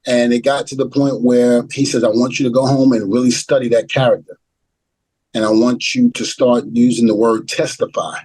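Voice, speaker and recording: A man's voice: mid-range voice, fairly even intonation, moderate pace, darkish tone, breathy edge, no room sound, poor audio. A middle-aged man, a retired wrestler being interviewed, telling a story and acting out the dialogue as he goes. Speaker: retired pro wrestler, guest.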